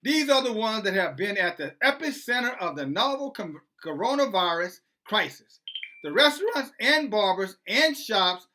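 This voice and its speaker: Animated, sarcastic online commentator. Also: mid-range voice. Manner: preachy, sarcastic, full of rhetorical questions. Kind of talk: reading news aloud and commenting.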